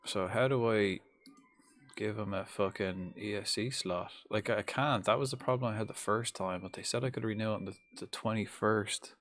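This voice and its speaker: A man's voice: fairly low pitch, normal speed, a bit bright. A young man streaming a football management game, muttering to himself, swearing and chatting loosely with his viewers. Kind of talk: casual live-stream commentary.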